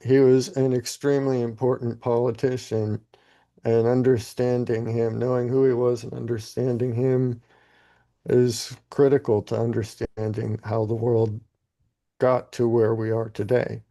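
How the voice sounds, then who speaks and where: Male co-host, mellow gravelly tone, flat measured delivery. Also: medium pitch. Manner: slow, measured, earnest. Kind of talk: casual chat.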